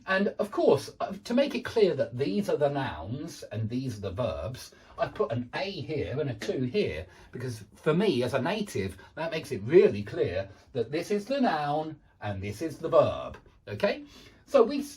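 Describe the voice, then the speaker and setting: A man with a husky voice gives an online English pronunciation lesson. His pitch swings widely up and down as he chats casually and pokes fun at himself. He slows right down to say each example word clearly. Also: sing-song, a little mellow. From England. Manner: chatty, self-deprecating, slows to model words. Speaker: English teacher.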